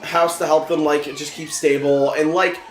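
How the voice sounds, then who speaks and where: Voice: medium pitch, level tone, normal speed, slight background noise. A co-host of a gaming show chatting bluntly in casual banter, swearing freely and giggling. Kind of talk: casual let's-play banter. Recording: echoey room.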